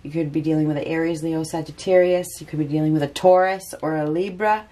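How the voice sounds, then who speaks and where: A woman's voice: low voice, fairly even intonation, fast talker, warm tone. A woman giving a casual spoken tarot reading, chatty and repeating phrases for emphasis. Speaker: tarot reader.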